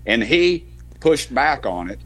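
A man's voice: mid-range voice, sing-song, slow. A man, a congressman guest in a political radio interview, talking with passion and restarting his sentences often. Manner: impassioned, repetitive restarts, folksy phrases.

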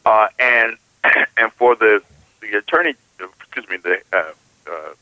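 A man giving political commentary as a guest, halting and often repeating his words. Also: fairly low pitch, sharp tone, no room sound, lo-fi sound.

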